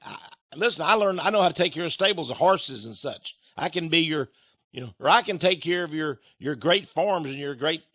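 A man's voice: on the high side, lively intonation, fairly quick, fairly bright tone, slightly rough, no room sound. A preacher playing an eager man listing his skills. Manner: pleading, listing skills with stammers.

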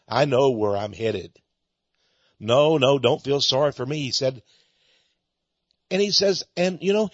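An older man preaches in a plain, informal way, earnest and heartfelt, often stumbling and repeating himself. His voice is a little husky and sits at a middle pitch. The recording is dry and slightly dull. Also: no room sound. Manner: earnest and heartfelt, with frequent repetitions and restarts. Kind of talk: informal spoken sermon.

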